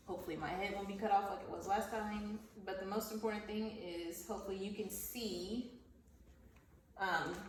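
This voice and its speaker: A woman teacher reads a children's story aloud and teaches new words, slow and clearly enunciated, repeating each word. She sounds set back from the microphone in an echoey room with a faint hum behind her. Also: medium pitch. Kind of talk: vocabulary lesson and read-aloud story. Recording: roomy, echoey sound from a distance off the mic.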